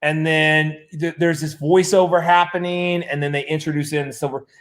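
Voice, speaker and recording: A man co-hosting a casual chat, playful and joking, quick to get excited. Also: a little high. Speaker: co-host. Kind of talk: casual chat about comics.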